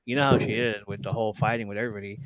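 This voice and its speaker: A man's voice: on the low side, very fast, noisy background. A man co-hosting a podcast, telling a family story in casual chat and acting out his relatives. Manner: animated storytelling, acts out relatives. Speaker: podcast co-host.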